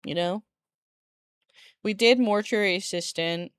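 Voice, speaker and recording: This streamer's mid-range voice is smooth and a little slow, with no room sound. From a home room beside a window, using a desk streaming mic, she rambles through casual chat with viewers, laughing often and cursing lightly.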